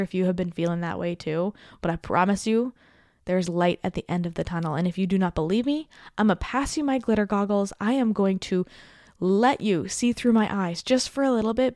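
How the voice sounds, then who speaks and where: A woman's voice: mid-range voice, no room sound, studio quality. Earnest, encouraging woman podcast host. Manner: warm, emphatic, encouraging, speaks directly to listener. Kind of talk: heartfelt solo podcast pep talk.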